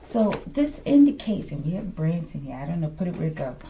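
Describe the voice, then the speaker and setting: Low, creaky and dark in tone, this woman's sing-song voice carries a slight lisp and a faint hiss or hum. She reads tarot for her viewers slowly and speculatively in a casual manner, occasionally whispering, and often addresses them with "collective" and "okay?"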